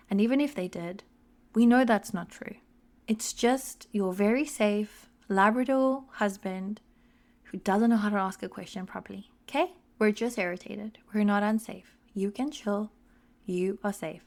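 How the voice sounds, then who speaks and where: A woman's voice: mid-range voice, fairly bright tone. A woman in her thirties, a relationship therapist, hosting a podcast in a frank, conversational monologue with wry humor.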